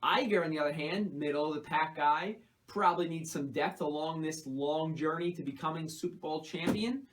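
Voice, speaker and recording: A man hosts a casual sports league recap in an upbeat, chatty way. His voice sits fairly high, and he runs through results with easy banter. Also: moderate pace, a bit bright, rough recording. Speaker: host.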